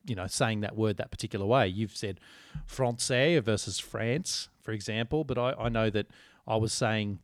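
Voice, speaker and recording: Wry low-voiced man. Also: steady tone, dry recording, clean studio sound. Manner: wry, articulate, measured. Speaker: podcast co-host. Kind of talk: casual podcast banter.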